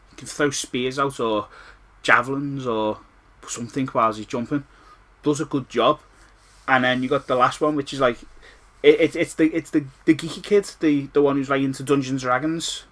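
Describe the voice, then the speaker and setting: A man's voice: mid-range voice, a bit bright. Sweary Scouse man ranting about games. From Liverpool, England. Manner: sweary, rambling, repeats himself. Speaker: game reviewer. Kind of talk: ranting retro game review.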